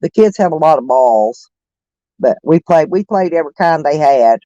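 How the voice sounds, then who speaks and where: A man's voice: on the high side, expressive, normal speed, mellow, no echo, dull audio. A middle-aged man, chatting casually and rambling on a livestream, laughing often. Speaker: live streamer. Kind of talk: casual livestream chat with viewers.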